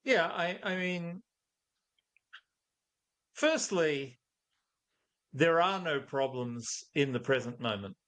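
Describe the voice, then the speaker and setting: A man's voice: fairly high pitch, animated, takes it slowly, pauses often, a bit bright. A middle-aged man, a guest in an interview, talking thoughtfully and telling anecdotes. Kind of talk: conversational interview.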